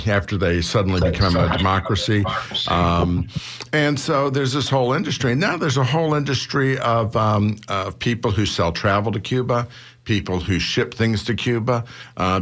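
A newspaper publisher, guesting on a radio interview in a studio, explains his views earnestly and builds toward rhetorical questions. His voice is lowish and a bit bright.

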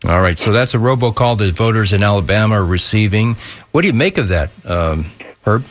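A man hosting a call-in radio talk show, brisk and chatty, laughing easily with his guest. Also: on the low side, expressive.

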